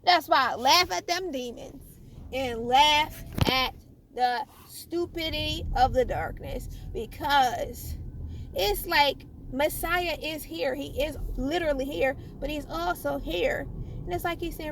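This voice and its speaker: A woman preaching informally about her faith in a fervent, halting way, often repeating and restarting phrases and chuckling. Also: sits high, noisy background. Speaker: spiritual vlogger.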